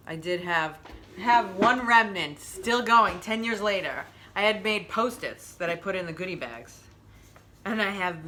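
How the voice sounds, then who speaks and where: A woman's voice: lowish voice, sharp tone, a little hiss or hum. A middle-aged woman hosting a wellness stream in casual chat, rambling and openly emotional as she talks.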